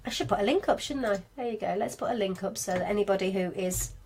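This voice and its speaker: A woman's voice: mid-range voice, fast talker, a little hiss or hum. Chatty Brummie woman teaching a live class. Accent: Birmingham English (Brummie). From England. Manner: chatty, lively and self-deprecating, talking to viewers. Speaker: craft business marketing teacher. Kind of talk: live-streamed video class. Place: home studio with lights, indoors.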